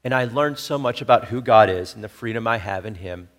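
A man's voice: lowish voice, a little fast. A middle-aged man preaching a sermon as pastor, telling a personal story in an earnest, conversational way with frequent asides to the listeners.

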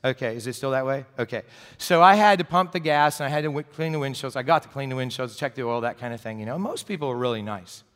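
Middle-aged pastor preaching in an echoing hall. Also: male voice, medium pitch, fast talker, a bit bright. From New Jersey, US. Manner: conversational storytelling with humor. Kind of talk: sermon. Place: church sanctuary. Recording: long hall reverb.

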